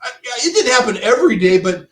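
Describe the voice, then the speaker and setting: A middle-aged man spins loose, rambling stories in a high-pitched voice, tripping over restarts and tossing in "dude" and "man". The recording carries a roomy echo around him. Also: very animated, fast, fairly bright tone. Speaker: podcast guest, former bike shop owner. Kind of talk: casual chat.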